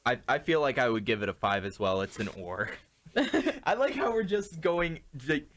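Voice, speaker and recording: A man's voice: medium pitch, normal speed, slight background noise. Young man hosting a casual music chat. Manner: relaxed, hesitant, many restarts and laughs. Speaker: podcast host.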